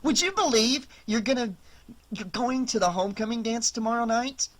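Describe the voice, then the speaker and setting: A narrator voicing a brash, teasing teenage girl who talks loud and crude. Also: mid-range voice, normal speed, voice pushed up, close to an everyday voice. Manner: loud, brassy and mocking.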